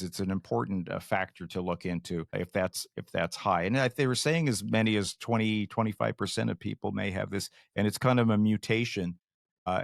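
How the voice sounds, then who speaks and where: Older Canadian man, halting co-host. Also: lowish voice, vocal fry, no echo, studio quality. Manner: halting, with many restarts and fillers, good-humoured. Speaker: podcast co-host. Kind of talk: casual chat.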